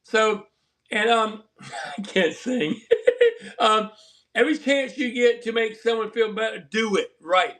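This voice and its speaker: A man from southern Colorado hosts a casual livestream, talking to his viewers in a rambling, earnest, somewhat preachy way. His high, fairly bright voice keeps a measured pace with frequent pauses.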